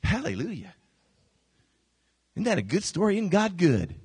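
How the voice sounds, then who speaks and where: A man's voice: sits high, brisk, breathy edge, dry recording. A man preaching a sermon as a pastor, telling stories with acted-out quotes and repeated phrases. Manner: animated storytelling, acting out quotes and repeating phrases.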